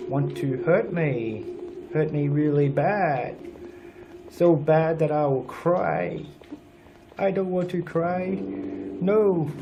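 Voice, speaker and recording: Young male let's-player, slightly high voice, sweary and sarcastic, home desk mic. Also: a little mellow. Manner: swears a lot, grumbling and sarcastic. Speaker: gaming channel host. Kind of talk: let's play commentary.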